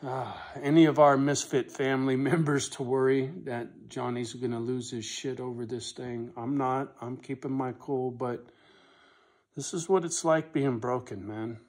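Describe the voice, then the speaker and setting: Man, vlogger venting on camera, swears freely, talks slowly with long pauses. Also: medium pitch. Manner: blunt, swearing, repeats "right?", voice swells loud when angry then drops quiet and soft; slow, deliberate delivery with pauses. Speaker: vlogger on his rural property. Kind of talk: emotional personal vlog, talking to camera.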